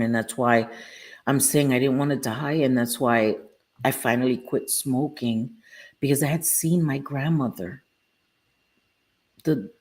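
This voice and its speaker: A woman with a rumbling low, darkish voice hosts a live stream and opens up to her audience about recovering. She talks in a casual, sincere, heartfelt way, replying to viewers by name.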